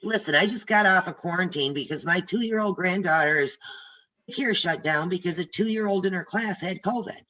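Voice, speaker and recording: An older woman real estate instructor with a fairly low, sharp-toned voice teaches a class over a video call at a moderate pace, and the highs are cut off in the audio. She is chatty and direct, telling stories as she goes and speaking straight to her trainees.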